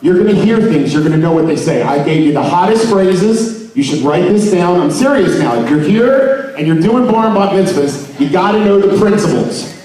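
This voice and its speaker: A man hosts a comedic mock seminar for a live crowd, joking and coaxing the audience into call-and-response. His voice sits a little high. It rings through a large, very echoey expo hall, picked up from far off the mic. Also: animated, normal speed, dark tone. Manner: joking, playful, calls on the audience to repeat words. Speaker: presenter at a trade expo.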